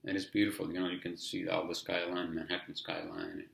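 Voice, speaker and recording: Podcast host, male, heavy accent, gravelly low voice, meandering profane monologue, roomy echo. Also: flat delivery, a little fast, a bit bright. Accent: heavy non-native English accent. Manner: rambling and profane, heavy on "you know" fillers. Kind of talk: casual solo podcast monologue.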